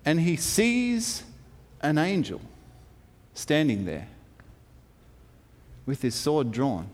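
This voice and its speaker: Lively high-voiced man telling a Bible story. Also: very slow. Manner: lively, playful, with asides and chuckles. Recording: long hall reverb.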